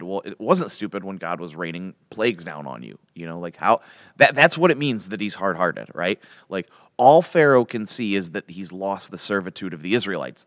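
A man's voice: sits low, fairly bright tone, dry recording, clean studio sound. A man preaching a casual, emphatic Bible teaching, full of restarts and rhetorical questions. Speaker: pastor.

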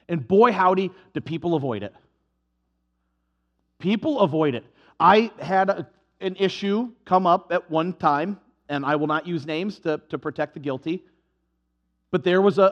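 A male pastor preaching a sermon, animated and humorous, acting out little dialogues as he goes. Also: high-pitched, dull audio. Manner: animated, acts out dialogues with comic voices.

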